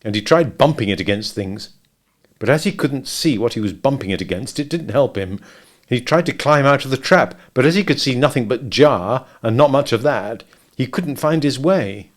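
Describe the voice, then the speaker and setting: Male narrator, storybook read-aloud, lively animated intonation. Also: mid-range voice, normal speed.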